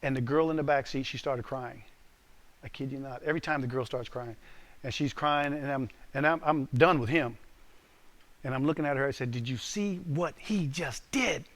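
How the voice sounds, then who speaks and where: A man's voice: mid-range voice, fairly even intonation, a little fast, fairly bright tone. A man preaching to a live group as pastor, telling a story with lots of animation, quizzing his listeners and punching out the key lines.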